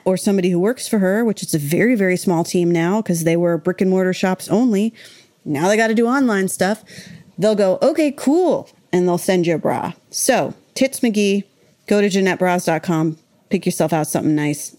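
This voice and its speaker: A woman's voice: mid-range voice, a little mellow. Chatty, joking woman podcast host. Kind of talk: casual chat.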